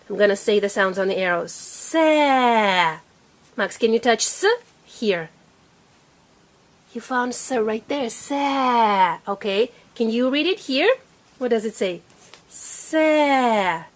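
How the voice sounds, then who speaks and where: A woman's voice: mid-range voice, normal speed. A woman teaching a young child to read at home, patiently sounding out letters and praising each try. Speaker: reading teacher. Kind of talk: phonics lesson with a young child.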